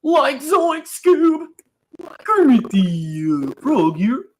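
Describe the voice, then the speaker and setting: A man doing an old video of quick-fire cartoon voice impressions, jumping between exaggerated characters. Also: extremely high pitch, very animated, voice pushed up, heavily acted, poor audio. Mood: zany impressions.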